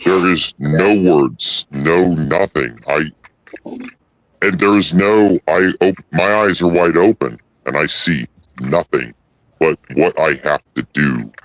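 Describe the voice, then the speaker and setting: A man in casual livestream chat, telling a story in a blunt, profane, halting way. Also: very deep voice, dry recording, low-quality recording. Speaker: host.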